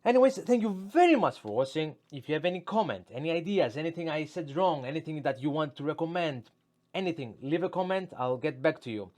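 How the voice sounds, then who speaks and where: A man's voice: a little high, lively intonation, brisk, a little mellow. Blunt, profane man ranting casually. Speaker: YouTuber. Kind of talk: casual vlog monologue.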